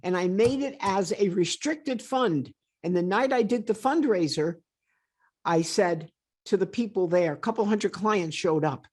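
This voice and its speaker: A woman's voice: mid-range voice, measured pace, darkish tone. A woman in her eighties, a retired stockbroker, telling stories bluntly and emphatically as a guest on a video call. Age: 80s. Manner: blunt, emphatic, plain-spoken. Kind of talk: storytelling interview.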